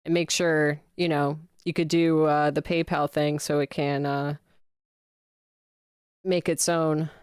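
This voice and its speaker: A woman's voice: low voice, level tone, slow, clear, resonant tone, no room sound, clean studio sound. A young adult woman livestreaming games, chatting casually with her viewers and gushing when thanked. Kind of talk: casual gaming livestream chat.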